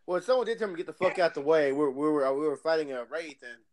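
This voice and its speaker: High-voiced animated man. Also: fast talker. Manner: animated, acts out other players' lines, laughs often. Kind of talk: casual gaming chat, animated storytelling.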